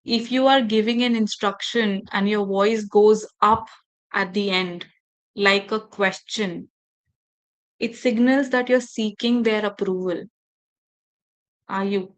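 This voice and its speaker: A woman running a workshop for teachers, speaking in a measured, deliberate way with emphatic pauses and direct instructions to her audience. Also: medium pitch, fairly even intonation, poor audio. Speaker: faculty development trainer.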